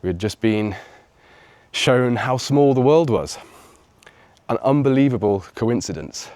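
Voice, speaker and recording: An English man in his thirties telling a personal story on his video channel, reflective and lively when he acts out what others said. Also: mid-range voice, a little slow, no echo. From England. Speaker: vlogger.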